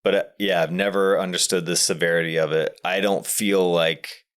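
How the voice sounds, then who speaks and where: A man with a very low voice talks through his ideas slowly and carefully on a casual podcast. He often restarts his sentences as he hunts for the right word. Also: level tone, fairly bright tone. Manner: thoughtful, searching for words, frequent restarts. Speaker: podcast co-host. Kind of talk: casual movie discussion.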